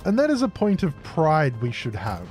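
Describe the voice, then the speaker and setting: A man's voice: a little high, wildly swooping pitch, moderate pace, darkish tone, faint music behind. A man streaming a factory-building game, chatting and joking casually with his viewers. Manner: jokey, chatty, responds to chat aloud. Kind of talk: casual live-stream chat.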